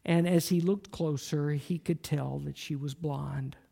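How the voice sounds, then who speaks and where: A man preaching a sermon, telling a story in a slow, earnest way and dropping to a near-whisper at times. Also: fairly high pitch, steady tone, gravelly, dark tone, husky.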